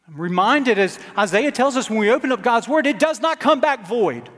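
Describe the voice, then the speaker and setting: A male pastor preaching a dramatic sermon to his congregation, sometimes dropping to soft near-whispers. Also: very high voice, expressive, normal speed. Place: church sanctuary. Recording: church sanctuary with long reverb.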